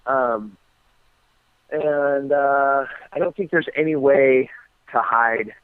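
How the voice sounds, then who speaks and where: A man's voice: mid-range voice, takes it slowly, clean tone, no room sound. American man on a tinny phone line. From United States. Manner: relaxed storytelling with many ums and restarts. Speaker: guest fighter. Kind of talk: phone interview.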